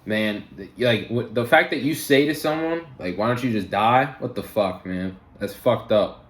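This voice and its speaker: A man's voice: medium pitch, normal speed, echoey room. A young man telling a personal story in a casual storytime vlog, heated and full of fillers and swearing. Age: young adult. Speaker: vlogger.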